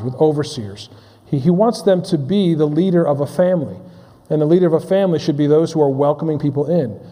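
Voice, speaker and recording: A man's voice: fairly high pitch, dark tone. A man preaching a sermon as pastor, restarting phrases and asking his listeners questions. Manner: halting, repeats words, asks the congregation questions. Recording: long reverb of a large hall.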